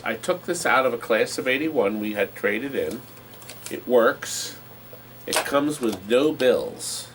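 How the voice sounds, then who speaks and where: A man's voice: medium pitch, a bit bright, a little hiss or hum, low-quality recording. A man hosting a live online auction stream, joking while describing items up close.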